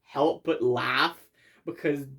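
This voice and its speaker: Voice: mid-range voice, fairly even intonation, takes it slowly, a bit bright, a little hiss or hum. Rambling, laughing video commentator. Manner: rambling, laughs often, swears casually. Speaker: video creator doing commentary. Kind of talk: casual commentary over own video.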